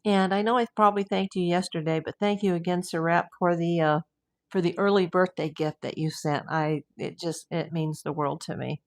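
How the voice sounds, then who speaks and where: A woman's voice: on the low side, steady tone, normal speed. A woman hosting a casual livestream, chatting with viewers and rambling easily between comments and news. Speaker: true crime livestream host. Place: home.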